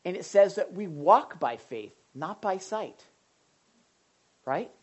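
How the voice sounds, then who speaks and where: Woman preacher, low husky voice, lively pitch, chatty sermon full of questions to the room. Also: slow pace. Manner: asks the audience questions, frequent restarts. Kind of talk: conversational sermon.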